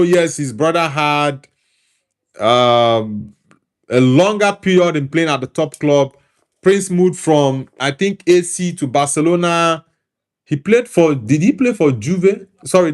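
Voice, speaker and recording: A Nigerian man with an Igbo background hosting a relaxed football talk show, reading out chat comments and answering them in an easygoing way. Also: on the high side. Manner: easygoing, repeats words while thinking. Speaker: host reading live chat.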